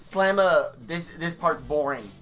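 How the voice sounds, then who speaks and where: A man's voice: on the high side, expressive, a little slow, over music. A man commenting bluntly on a video game, swearing casually. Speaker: let's play commentator. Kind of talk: casual gameplay chat.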